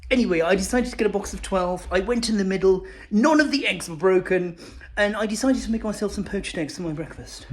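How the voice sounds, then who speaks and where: Brief: man impersonating a fussy middle-aged stand-up comic, fast and high, peaks into squeaks. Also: natural voice. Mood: exasperated. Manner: breathless, exaggerated, rising to shrill peaks. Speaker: comedian. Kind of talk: stand-up impression.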